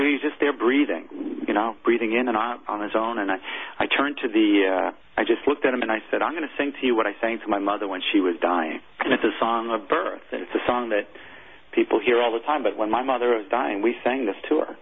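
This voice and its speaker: A former military chaplain, a man, telling a personal story in an interview, earnest and halting. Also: on the low side, slightly rough. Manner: earnest, halting, emotional recounting. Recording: tinny phone-like audio.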